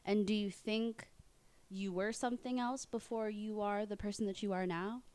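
A woman's voice: medium pitch, moderate pace. A woman in casual podcast chat, telling stories and acting out the people she quotes. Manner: storytelling, animated when quoting.

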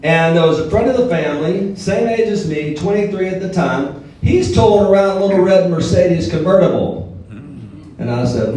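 A man's voice: high voice, animated, normal speed, dark tone. A middle-aged man from southern Alabama with a Southern accent, a guest speaker telling jokey stories to a live audience. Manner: storytelling, joking with the audience. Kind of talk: motivational speech. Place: large hall before a live audience. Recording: echoey hall, mic heard from a distance.

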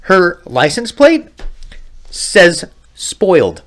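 A man's voice: high-pitched, huge pitch swings, very slow, a bit bright. A man in his thirties, a podcast co-host, telling a profane story in casual chat with lots of laughter. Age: 30s.

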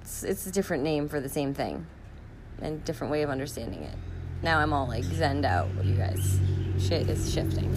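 A middle-aged woman with a lowish voice talks on her own podcast. She rambles and restarts her sentences, openly emotional. A faint hiss of ambience sits behind her. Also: very animated, brisk. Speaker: podcast host. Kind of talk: casual personal podcast monologue.

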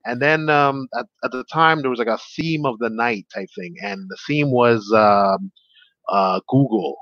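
A man's voice: mid-range voice, measured pace, no echo. Rambling comedian man, dry dull sound. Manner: rambling, full of fillers and restarts. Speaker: stand-up comedian guest. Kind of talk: casual interview storytelling.

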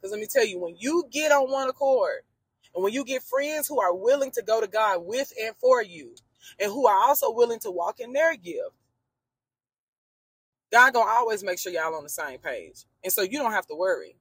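A woman's voice: on the high side, animated, normal speed, slightly rough, no room sound. A woman hosting a faith-based podcast from her car, talking to listeners in a chatty, emphatic, preachy way and calling them friend. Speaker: podcast host.

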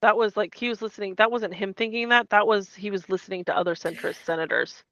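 A woman's voice: medium pitch, fairly even intonation, quick pace, a bit bright, dry recording, muffled recording. A woman co-hosting a casual podcast, animatedly retelling a book and acting out the characters' lines. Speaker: podcast co-host. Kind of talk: casual chat recapping a book.

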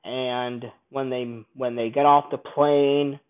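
A man's voice: medium pitch, little pitch movement, slow pace, clean tone. A man casually reviewing a film, rambling and enthusiastic, often restarting his sentences. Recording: tinny phone-like sound.

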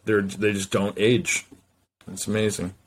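A man's voice: on the low side, level tone, unhurried, noisy background. A man hosting a solo podcast, rambling loosely from one thought to the next and swearing freely. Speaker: podcast host.

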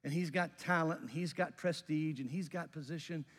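A man preaching a sermon, telling a story conversationally with animated emphasis and building to a fervent close. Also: a little high, moderate pace, in a large hall. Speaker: pastor.

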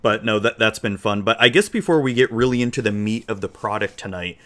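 Low-voiced man co-hosting a podcast. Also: a little fast. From Florida, US. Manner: relaxed, joking, rambling. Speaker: podcast co-host. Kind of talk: casual chat.

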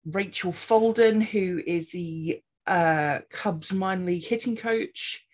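A woman co-hosting a podcast, speaking slowly and playfully. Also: lowish voice, slightly rough. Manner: slow, drawn-out, playful. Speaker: podcast co-host. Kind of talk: casual chat.

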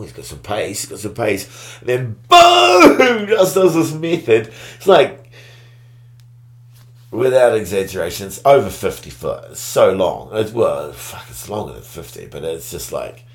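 A man, telling a story in a relaxed, slangy way. He keeps it loose and casual, with sudden bursts of excitement. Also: lowish voice. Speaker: guest.

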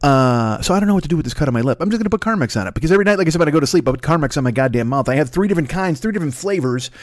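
A man hosting his own podcast in a rambling, profane, self-mocking monologue that runs fast and loose. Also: a little high, animated, dry recording, studio quality. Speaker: podcast host.

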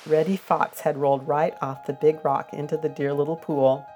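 An older woman reading a children's storybook aloud, gentle and expressive with a sing-song lilt. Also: sits low, normal speed, faint music behind.

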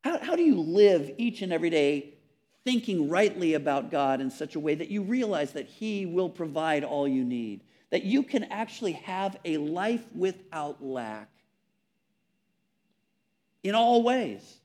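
A man preaching a sermon, earnest and emphatic, repeating words and dropping softly on key phrases. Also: fairly high pitch, big pitch swings, unhurried. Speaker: pastor.

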